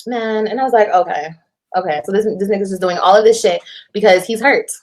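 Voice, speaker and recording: On a livestream, a woman with a medium-pitched voice talks fast as she tells her side of a breakup. Her casual storytelling is animated and profane, and she repeats lines for emphasis.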